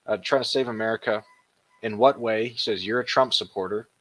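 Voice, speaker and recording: A man hosting a commentary show, retelling and mocking video clips in a casual, animated way. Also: on the low side, a little fast.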